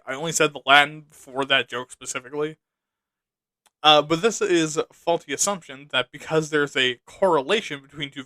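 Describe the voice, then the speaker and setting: Male podcast host, fairly high, bright voice; swears freely, sarcastic ranty delivery. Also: no echo. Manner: profane, sarcastic ranting with jokes. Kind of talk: casual podcast monologue.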